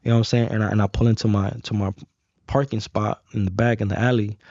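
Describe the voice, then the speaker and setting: A man's voice: fast talker, no room sound. Slangy young man telling street stories. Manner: animated, slangy, full of "bro" and "dog"; acts out quoted lines in a higher, louder voice. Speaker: guest. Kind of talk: casual storytelling. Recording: dry, slightly dull audio.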